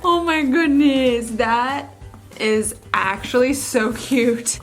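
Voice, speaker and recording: A young woman with a high, sweet voice talks at an easy, unhurried pace as she unboxes a gift for her dog. She chats casually from her couch and coos baby talk at the pet. Faint music plays under her voice. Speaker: beauty vlogger. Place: living room couch.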